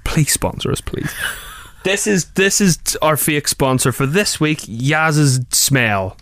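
A man's voice: fairly high pitch, big pitch swings, slow pace, heavy background noise. A man hosting a radio show, bantering casually and teasingly with his co-host in a studio, laughing often. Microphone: studio microphone.

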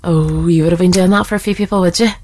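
A woman co-hosting breakfast radio, bubbly and quick to react. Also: on the low side, steady tone, warm tone. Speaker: radio co-host.

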